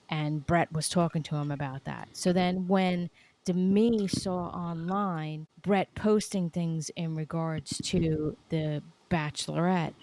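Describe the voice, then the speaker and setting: Low-voiced woman podcast co-host. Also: a little mellow. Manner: storytelling, walks through backstory step by step. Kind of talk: casual chat recapping a reality show.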